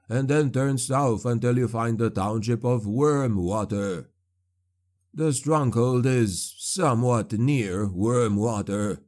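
A man's voice: mid-range voice, darkish tone, natural voice. A man voicing a spiteful, mocking captive sorcerer in an audiobook. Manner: sly and taunting, shrieking when enraged.

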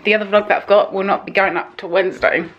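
A woman vlogging at home in casual chat, excitable and swearing freely. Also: medium pitch, fast, lo-fi sound.

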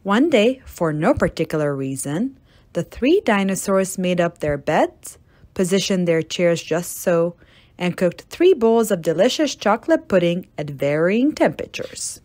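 A woman reads a children's storybook aloud, taking her time over each phrase. Her pitch rises and falls in wide, playful swings. She drops dry, deadpan asides into the tale. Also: a little slow. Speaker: storybook reader.

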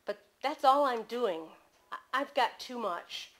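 A woman's voice: on the high side, expressive, slow pace, fairly bright tone. A woman reading aloud voices a worn-out, blunt middle-aged woman who speaks in short, weary sentences. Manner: weary, terse.

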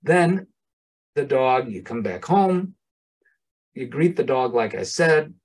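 A man's voice: medium pitch, expressive, slow pace. A man presenting a lecture to professionals in a conversational, plain-spoken way with asides. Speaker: presenter, animal behavior consultant.

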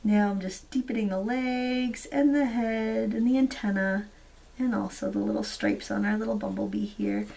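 Craft tutorial host: woman, 30s, slightly hoarse, chatty and relaxed, faint noise behind. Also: medium pitch, normal speed. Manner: chatty, relaxed, frequent ums. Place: indoors at a craft table.

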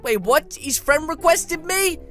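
A woman giving excitable, playful gameplay commentary, melodramatic and mock-indignant. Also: high voice, measured pace, faint music behind. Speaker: gaming YouTuber.

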